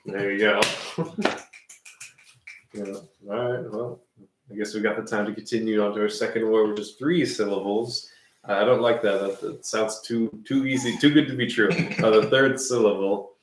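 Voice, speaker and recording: A man playing an improv word game, talking in a halting, musing way. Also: lowish voice, steady tone, roomy sound. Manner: halting, musing, full of fillers.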